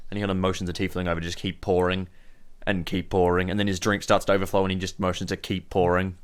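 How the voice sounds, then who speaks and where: Low-voiced man running a tabletop game. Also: level tone, fast, clean tone. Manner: casual, swearing, laughs often. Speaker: game master.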